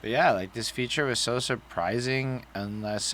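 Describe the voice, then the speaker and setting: A man's voice: mid-range voice, normal speed, a bit bright, slight background noise. A man co-hosting a podcast, talking through an album in a casual, blunt, profane and rambling way. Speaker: podcast co-host. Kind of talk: casual album review chat.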